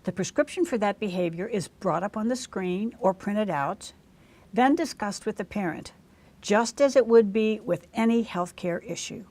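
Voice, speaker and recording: A woman narrates a scripted training lesson for healthcare staff. Her delivery is clear and measured, with a voice neither high nor low. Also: a little mellow. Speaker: instructor for healthcare providers.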